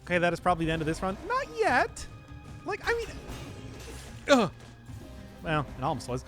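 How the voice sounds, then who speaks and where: A man's voice: sits high, wildly swooping pitch, moderate pace, fairly bright tone, faint music behind. A young man streaming a video game, chatting casually, answering chat and laughing at himself often. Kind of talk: casual gameplay commentary.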